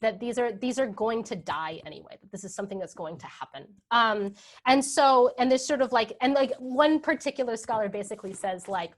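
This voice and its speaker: A woman's voice: a little high, very fast. A woman history professor answering audience questions after a talk, thinking aloud with many ums, "sort of" and "right?" checks. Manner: hedging with "sort of" and "like". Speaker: guest speaker, history professor. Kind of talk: academic Q&A answers.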